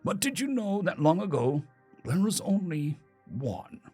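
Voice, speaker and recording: A man voicing a gentle young father who explains things slowly and patiently to his son. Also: high voice, big pitch swings, husky, soft background music, voice pushed up, exaggerated voice. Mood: patient, explaining. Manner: slow, explaining tone.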